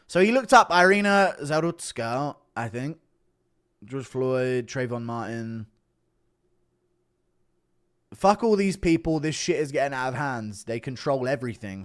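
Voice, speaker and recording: A man's voice: mid-range voice, a bit bright, smooth. A man hosting a livestream, talking bluntly to his chat and reading donations. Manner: blunt, profane, talks to chat. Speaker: livestream host. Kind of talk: livestream commentary.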